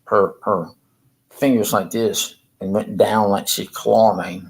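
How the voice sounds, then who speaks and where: A man rambling and halting through a casual livestream chat from a room in a rehab facility. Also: on the low side, steady tone, gravelly, poor audio. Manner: halting, rambling, repeats himself.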